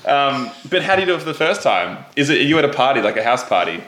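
A man's voice: mid-range voice, big pitch swings, fairly bright tone, roomy sound, a little hiss or hum, rough recording. A man co-hosting a casual chat, cracking jokes and laughing along. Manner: joking, quick to laugh. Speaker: podcast co-host.

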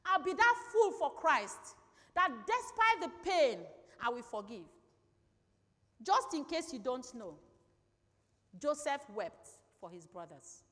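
A woman's voice: sits high, big pitch swings, slow, a bit bright. A woman preaching a sermon emphatically, repeating key phrases and putting questions to the congregation. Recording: long reverb in a large hall.

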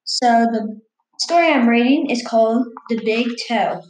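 A woman's voice: a little high, a little slow, roomy sound, a little hiss or hum, low-quality recording. A woman reading a scary story aloud in a casual, stumbling way, restarting words as she goes.

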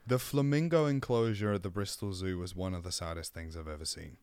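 A man's voice: sits low, brisk, darkish tone, clean tone, no echo. Male co-host, playful banter, tangents, swears freely, dry booth sound. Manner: playful, teasing, swears a lot, goes off on tangents. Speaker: podcast co-host. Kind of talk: casual chat.

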